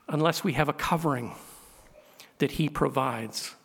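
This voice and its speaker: Higher-voiced man preaching in a reverberant church. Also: unhurried, gravelly, long pauses, slightly rough. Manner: preaching, swelling to loud emphatic peaks; asks the congregation questions. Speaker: pastor. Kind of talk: sermon. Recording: long hall reverb.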